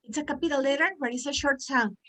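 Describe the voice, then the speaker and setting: Lively woman coaching pronunciation, slightly high voice. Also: fast. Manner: animated, coaxing, repeats words for the group. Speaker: pronunciation trainer for teachers. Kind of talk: lively online teaching workshop.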